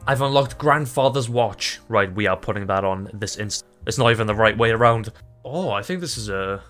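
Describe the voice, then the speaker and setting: Excitable, foul-mouthed gaming commentator man. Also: lowish voice, moderate pace, soft background music. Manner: excitable, swears freely, laughs often; rambling, self-interrupting. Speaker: gaming YouTuber. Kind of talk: gameplay commentary.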